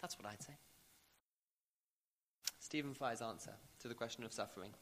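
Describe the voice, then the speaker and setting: A man's voice: medium pitch, moderate pace, a bit bright. A man preaching a sermon, emphatic, building to rising repeated questions.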